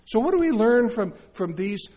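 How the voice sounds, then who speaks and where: Husky, lively-voiced male pastor preaching. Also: high voice, normal speed. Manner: conversational preaching with asides to the congregation. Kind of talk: sermon.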